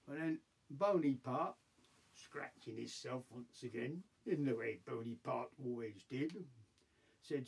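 A man's voice: mid-range voice, takes it slowly, creaky, breathy edge. An older man with a Yorkshire accent reciting a comic monologue in broad dialect. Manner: broad dialect storytelling, puts on voices for the figures.

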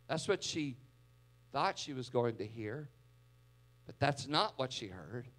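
A male pastor preaching a sermon in a church, dramatic, swinging from loud to hushed. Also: medium pitch, big pitch swings, takes it slowly, long pauses.

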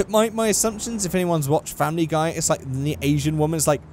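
A man's voice: on the high side, fairly quick, darkish tone, slight background noise. A young man giving sarcastic, exasperated running commentary while playing a driving game. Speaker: gaming channel host. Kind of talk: let's play commentary.

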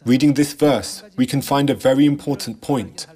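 A man reading a scripted sermon narration in a measured, solemn way, posing rhetorical questions. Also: mid-range voice, mellow, breathy edge. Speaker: church narrator.

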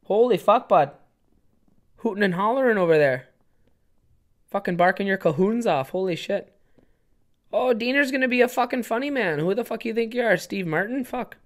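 A loud, crude small-town heckler, as a man puts him on, a middle-aged guy. He mocks and swears in a high, pushed voice. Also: lively intonation, normal speed, pauses often. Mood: mocking. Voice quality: brash, swearing, mocking.

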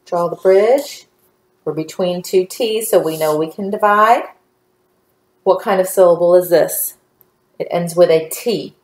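A woman's voice: on the low side, a little slow, long pauses, a little mellow. A woman teacher giving a phonics lesson to young children, guiding them patiently step by step. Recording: echoey room.

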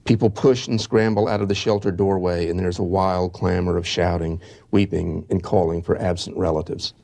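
Lower-pitched man giving a history lecture. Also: steady tone, vocal fry, darkish tone. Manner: measured, halting, with restarts. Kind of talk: lecture reading from eyewitness accounts.

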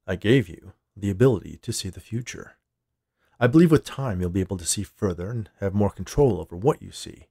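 A man voicing a menacing, domineering male company boss who speaks smoothly and then lashes out. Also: fairly low pitch, expressive, a little fast, warm tone, no echo, clean studio sound.

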